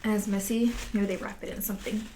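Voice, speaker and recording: A woman's voice: medium pitch, fast, noisy background. Chatty woman on a mukbang vlog. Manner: relaxed, chatty, addresses viewers. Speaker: vlogger. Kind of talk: casual mukbang chat. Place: home, indoors.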